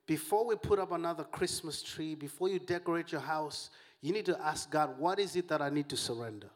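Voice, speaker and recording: Pastor, male, high-pitched voice, lively joking sermon delivery. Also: brisk. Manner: animated, joking preacher who calls out to the congregation.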